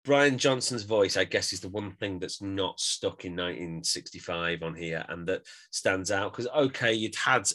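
A man's voice: sits low, normal speed, few pauses, bright, forceful tone. A man co-hosting a music podcast, talking in a chatty, wry way and reviewing an album. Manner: chatty, wry, drifts into sung quotes. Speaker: podcast co-host. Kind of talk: casual music review chat.

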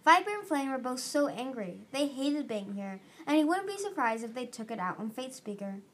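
A woman reading a fantasy novel aloud as an amateur audiobook, steady with small restarts. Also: sits high, moderate pace, slight background noise. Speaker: audiobook reader.

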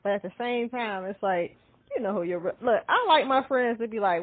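A woman in her thirties, co-hosting a casual chat and telling candid, animated stories with frequent laughter. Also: mid-range voice, brisk, husky, no room sound. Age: 30s. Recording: dry, tinny phone-like sound.

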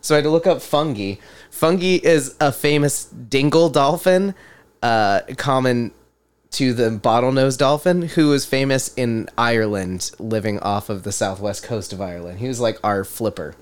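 A man's voice: medium pitch, normal speed, clean tone. A man hosting a podcast in casual chat, laughing often as he reads out quotes. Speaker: podcast host.

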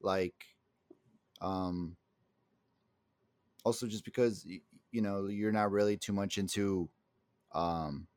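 A man's voice: low voice, fairly even intonation, slow pace, pauses often, darkish tone, no room sound. A man co-hosting a casual podcast chat, rambling with lots of restarts and swearing, and openly emotional. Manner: self-described very emotional. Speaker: podcast co-host.

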